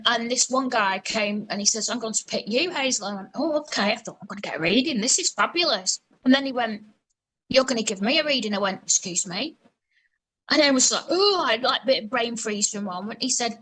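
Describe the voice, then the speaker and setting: A woman's voice: medium pitch, sharp tone, slight background noise, poor audio. A woman chatting in a casual podcast interview, rambling with many fillers and restarts as she tells her story. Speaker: guest, web designer and psychic.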